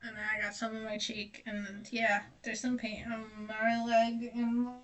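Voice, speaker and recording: A young woman with a slightly high voice rambles on in a casual stream chat, self-deprecating and cursing freely as she paints. She sits some distance from the microphone, so her voice sounds a bit far off. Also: completely flat delivery, unhurried, fairly bright tone. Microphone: distant mic. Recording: voice distant from the mic.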